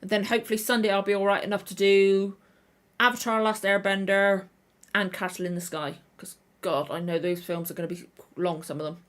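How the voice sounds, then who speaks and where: A woman's voice: mid-range voice, steady tone, a little fast, a bit bright. Tired woman rambling on a livestream. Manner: rambling, self-correcting. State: tired, throat a little tender. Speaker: reaction channel host. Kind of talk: casual livestream chat.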